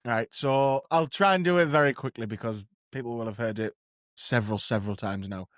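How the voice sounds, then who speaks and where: A man's voice: medium pitch, fairly quick, a bit bright, dry recording, studio quality. A man, a podcast host telling a story in a wry, self-mocking, casual way. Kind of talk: casual chat.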